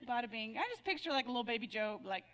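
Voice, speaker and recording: A woman's voice: fairly high pitch, animated, very fast, a bit bright. A woman pastor telling Bible jokes in a sermon, playful and laughing at her own punchlines. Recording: long reverb of a large hall.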